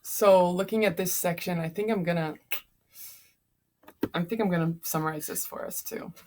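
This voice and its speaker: A woman's voice: on the low side, normal speed, background noise. A young woman casually summarizing a novel chapter for a class, tired, with many fillers. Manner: chatty, frequent fillers.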